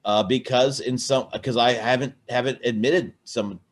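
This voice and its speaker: A man's voice: mid-range voice, fairly even intonation, moderate pace. A man on a casual podcast, rambling and swearing through a drunken personal chat with many restarts. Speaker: podcast co-host.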